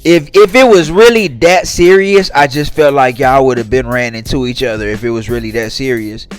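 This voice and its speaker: A man's voice: mid-range voice, normal speed. Aave guy doing a commentary vlog, talks right at the viewers, reads posts out and clowns them, light music under it. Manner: talks straight to viewers, reads tweets aloud and mocks them. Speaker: commentary channel host.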